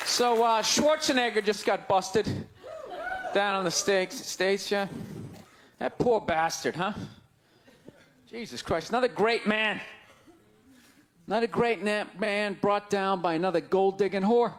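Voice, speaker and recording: A man doing a stand-up set, ranting in a high, strained voice and shouting the punchlines. He works a handheld mic on a big stage, and a laughing audience fills the noisy live recording. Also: unhurried, pauses often. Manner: loud, ranting, incredulous delivery with shouted punchlines. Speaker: stand-up comedian. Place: large comedy venue on stage. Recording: live show with crowd laughter and noise. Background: audience laughing and groaning.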